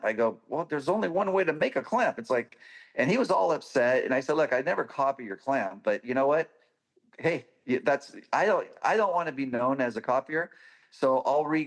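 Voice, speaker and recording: Enthusiastic man telling shop stories. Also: mid-range voice. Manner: enthusiastic, anecdotal storytelling. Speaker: guest, off-road parts designer. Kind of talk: casual podcast interview.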